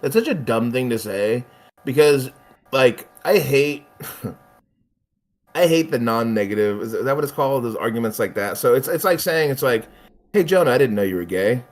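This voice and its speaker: A man's voice: medium pitch, normal speed. A man in casual conversation, ranting with lots of swearing and laughter. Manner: profane, animated ranting with laughs. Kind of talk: casual chat.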